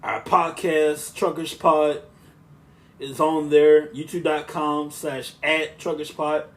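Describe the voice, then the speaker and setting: Man with a smooth, monotone voice. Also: fairly high pitch, takes it slowly. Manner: rambling, with frequent restarts and asides. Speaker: podcast host and preacher. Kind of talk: casual podcast talk.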